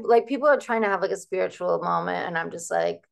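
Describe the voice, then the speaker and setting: A woman's voice: on the low side, expressive, fast, gravelly. A woman interviewing a guest in casual chat, playful and friendly.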